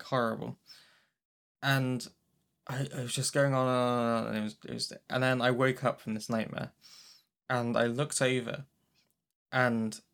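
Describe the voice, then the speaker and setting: A man's voice: mid-range voice, creaky. Young man telling a story. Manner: animated storyteller, acts out his own lines, swears freely. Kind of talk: casual chat, storytelling.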